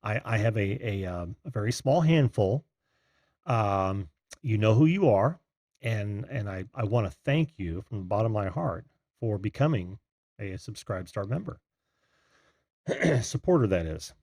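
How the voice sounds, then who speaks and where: A man's voice: fairly low pitch, expressive, unhurried, a little mellow, dry recording, studio quality. A man hosting a call-in show in a casual, friendly way, laughing often and talking with many fillers. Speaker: host.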